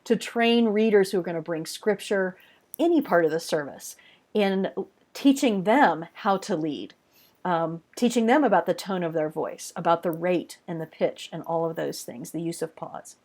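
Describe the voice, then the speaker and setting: A woman's voice: lowish voice, normal speed, darkish tone. A woman teaching worship design in a webinar, talking casually and emphatically, stretching key words and speaking straight to her listeners. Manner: conversational, addressing listeners directly.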